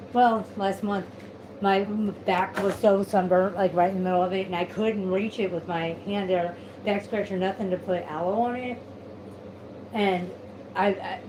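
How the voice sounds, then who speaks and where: A woman's voice: medium pitch, a little mellow, a little hiss or hum. A woman rambling casually at home while doing chores, chatty and venting, swearing freely. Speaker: vlogger. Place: at home, sweeping.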